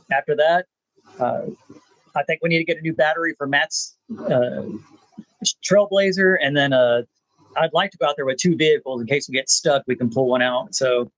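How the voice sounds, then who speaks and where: A man, hosting a rambling live chat with viewers, pausing often with "uh". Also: fairly high pitch, dry recording, rough recording. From South Texas. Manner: laid-back, rambling, frequent "uh" pauses. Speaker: channel host.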